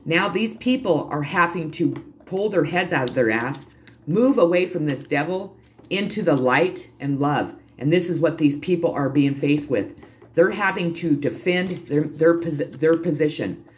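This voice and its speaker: A man's voice: fairly high pitch, moderate pace. A man giving a spiritual tarot reading to his channel's viewers, preachy and blunt, swearing freely and repeating himself for emphasis. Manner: emphatic and repetitive, addresses viewers directly. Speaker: tarot reader and channel host.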